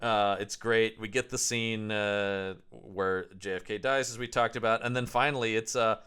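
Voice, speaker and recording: A man's voice: fairly low pitch, steady tone, moderate pace, clear, resonant tone. A man co-hosting a podcast, chatting casually about a horror film and reading out quotes with amused enthusiasm. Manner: reads out film quotes with amused enthusiasm, drops quiet on punchlines. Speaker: podcast co-host. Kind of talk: casual movie review chat.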